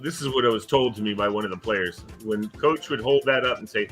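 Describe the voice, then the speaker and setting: Older male host, bright forceful voice, chatty storyteller, faint music under. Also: fast, hardly any pauses. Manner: animated storyteller acting out quoted kids in a higher voice. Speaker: podcast host, former school coach. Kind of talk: casual storytelling chat.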